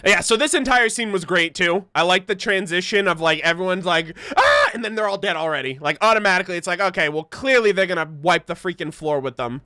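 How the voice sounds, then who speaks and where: A man hosting a casual livestream, talking excitedly to his chat with frequent laughs and loose swearing. His voice sits high and sounds bright. It is recorded close and dry, with no room echo. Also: fast, few pauses, smooth. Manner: excitable, laughing, swearing freely, chatty with viewers. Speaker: livestream host reacting to an animated series.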